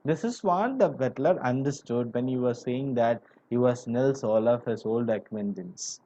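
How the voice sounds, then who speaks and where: Male teacher, mellow and middle-pitched, talks a class through a story with lots of "you know", dull lo-fi recording. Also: very animated, normal speed, few pauses. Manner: explains word by word, many "you know" fillers. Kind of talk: classroom literature lesson.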